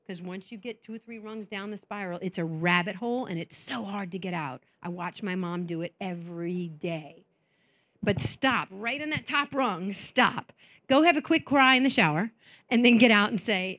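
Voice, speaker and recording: A middle-aged woman speaking at a faith conference, talking conversationally and acting out the voices in her own head. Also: medium pitch. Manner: animated, conversational, acts out inner voices. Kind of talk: motivational faith talk to an audience. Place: conference stage.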